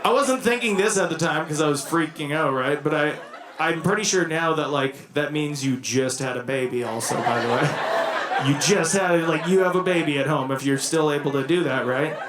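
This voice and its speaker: A young comedian with a slightly high voice works through a rambling, self-mocking routine at a moderate pace, chuckling at his own lines. The crowd in the echoey club laughs along throughout.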